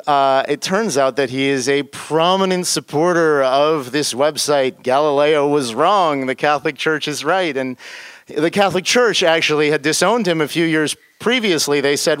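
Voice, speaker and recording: A middle-aged man telling a story to an audience in an animated, wry and self-deprecating way. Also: medium pitch, clear, resonant tone, no room sound. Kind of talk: live storytelling.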